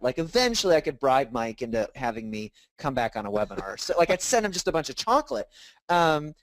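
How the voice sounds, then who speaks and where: Animated man telling stories in a dry recording. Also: mid-range voice, fairly quick, no echo. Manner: animated storytelling, acts out quoted dialogue. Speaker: author and speaker, guest. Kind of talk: casual interview conversation.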